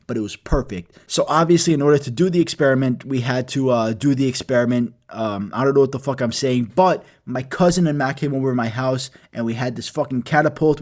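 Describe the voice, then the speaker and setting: A young man telling a comedic story from his school days, excitable and heavy with swearing. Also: mid-range voice. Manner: profane, excitable, self-mocking.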